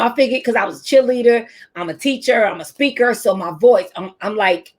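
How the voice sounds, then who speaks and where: A woman's voice: mid-range voice, normal speed. A middle-aged woman teacher and speaker giving a motivational talk to teachers, telling stories and repeating her key phrases.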